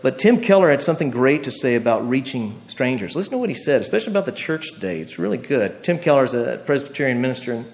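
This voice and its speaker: Singing his words fast with few pauses, a pastor delivers a storytelling sermon in a medium-pitched voice, tagging lines with "right?" for his listeners. The lo-fi recording sounds muffled.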